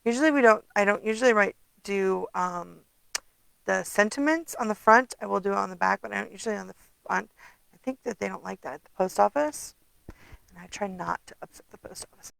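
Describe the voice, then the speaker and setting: A woman's voice: mid-range voice, brisk, creaky, a bit bright, no room sound, low-quality recording. A middle-aged woman chatting casually through a craft tutorial, tired and rambling with many ums. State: tired, yawning. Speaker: papercraft demonstrator.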